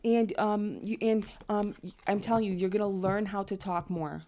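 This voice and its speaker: A woman's voice: mid-range voice, steady tone, normal speed, noisy background. A young woman giving a casual astrology and tarot reading, chatty and rambling, full of "like" and "you know".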